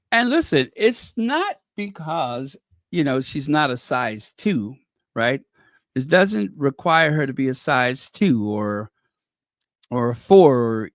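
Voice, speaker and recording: The host of a royal news channel offers chatty, opinionated casual commentary, sprinkled with laughing asides. Her or his medium-pitched voice comes through a dry recording with clean studio sound.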